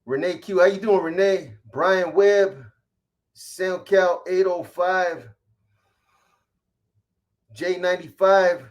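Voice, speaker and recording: Man shouting out viewers, higher voice. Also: fairly even intonation, slow, pauses often, highs cut off. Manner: rattles off viewer shout-outs, slangy, calls people boy. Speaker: livestream host. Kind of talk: casual livestream chat.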